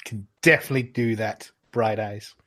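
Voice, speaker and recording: A man's voice: fairly low pitch, normal speed, bright, forceful tone. A man voicing a friendly, flirty female innkeeper who teases her guests and calls them darling.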